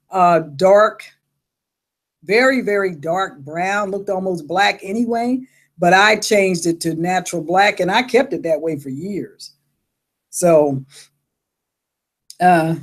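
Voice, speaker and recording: A middle-aged woman talks casually to her viewers at an average pitch. She tells stories with lots of animation and laughs often as she acts out her own reactions. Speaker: vlogger reading viewer comments. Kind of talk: casual chat.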